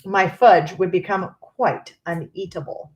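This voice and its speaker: A woman's voice: on the low side, measured pace, reverberant, natural voice. A woman voicing an eccentric, theatrical male chocolate maker with breezy reassurance. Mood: whimsical.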